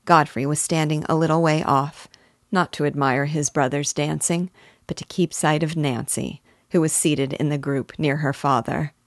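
A woman with a notably low voice reads a classic novel aloud, measured and deliberate. The sound is dry and close, with no room around it. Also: fairly even intonation, dry recording. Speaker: literature teacher reading a novel aloud. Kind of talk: audiobook-style reading of a classic novel.

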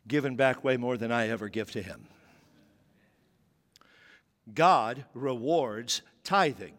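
A man in his fifties preaching a sermon, telling a childhood story with candid, animated quotes. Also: medium pitch, slow pace. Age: 50s. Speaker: pastor. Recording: long reverb of a large hall.

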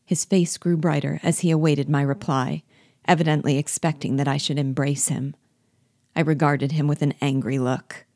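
A woman reading a novel aloud as its guide, in a steady, measured storytelling manner. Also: low-pitched, no room sound, studio quality.

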